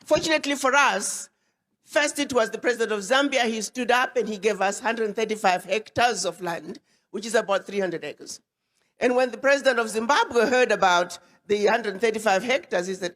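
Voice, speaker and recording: Woman ambassador, high voice, emphatic public address in a reverberant hall. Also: moderate pace, fairly bright tone. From Ghana. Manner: emphatic, repeats words for weight. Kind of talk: public speech to an audience.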